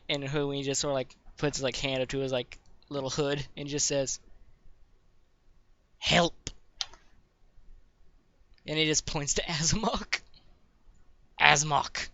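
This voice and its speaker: A man running a tabletop game as game master, narrating in a loose, rambling way. His voice is bright and sits a little high. The recording sounds dull and lo-fi. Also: steady tone, fairly quick, no room sound. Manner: rambling, full of fillers and restarts.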